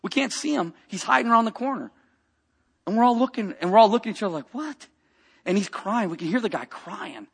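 A man preaching a sermon, telling a personal story with animated swings between hushed and loud delivery. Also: high voice, fast, creaky, husky.

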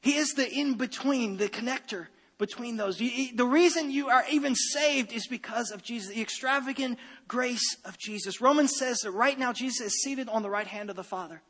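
A man preaching a sermon as pastor, animated and given to repeating his phrases and restarting sentences. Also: very high voice, moderate pace, breathy edge, big-room sound.

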